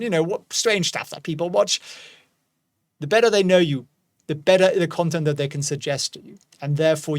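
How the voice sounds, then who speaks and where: A man's voice: sits high, dry recording, studio quality. A man in his forties hosting a casual investing commentary, chatty with jokey asides. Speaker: host.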